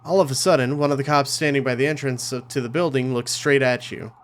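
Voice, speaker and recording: A man hosting a let's play, reading a story game's narration in a mid-pitched voice. He breaks off now and then for casual, offhand comments of his own. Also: steady tone, brisk. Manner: casual asides between narration. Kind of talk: reading a visual novel aloud with commentary.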